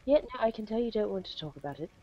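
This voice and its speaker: A woman's voice: medium pitch, expressive, very fast. A woman talks in character as a player in a tabletop role-playing game. She hesitates and sounds wry. The audio is dull and lo-fi.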